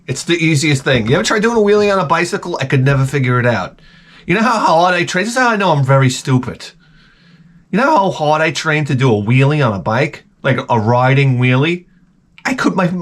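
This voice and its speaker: A middle-aged man hosting his own channel, giving a crude, profane comedic rant that swings from mutters to shouts. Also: fairly high pitch, lively intonation, a little fast. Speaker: channel host.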